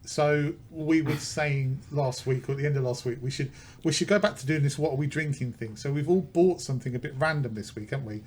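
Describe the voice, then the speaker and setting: A man hosting a casual podcast, dry and self-mocking, often halting mid-sentence. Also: on the high side. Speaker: podcast host. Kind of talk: casual pub chat. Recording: faint background noise.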